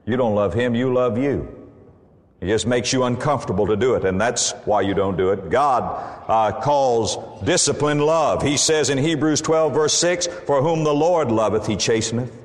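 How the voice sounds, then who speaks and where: A man's voice: mid-range voice, moderate pace. A male pastor preaching a sermon, emphatic and quoting scripture. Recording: long hall reverb.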